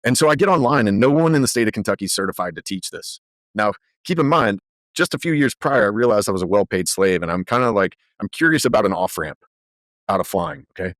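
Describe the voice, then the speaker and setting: Podcast guest, male, lowish voice, animated storyteller, dry close sound. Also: fast, no room sound. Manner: animated, lively storyteller with frequent fillers. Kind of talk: conversational storytelling.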